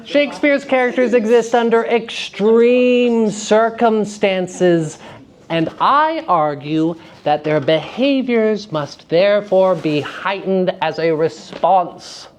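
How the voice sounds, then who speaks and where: A woman lecturing students on acting. She is lively and theatrical, laughs often and asks them questions. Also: mid-range voice, takes it slowly. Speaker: acting teacher giving a lecture. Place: school theater festival session.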